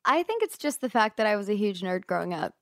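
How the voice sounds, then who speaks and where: A woman's voice: medium pitch, big pitch swings, quick pace, a bit bright, dry recording, clean studio sound. A woman, an actress guest on a podcast, talking about her work in an enthusiastic, chatty way. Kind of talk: casual interview chat.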